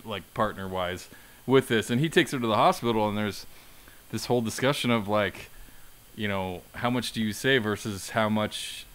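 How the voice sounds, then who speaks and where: A man's voice: on the low side, normal speed, a bit bright. A man hosting a casual film podcast, summarizing in an easygoing way with many fillers. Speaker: podcast host.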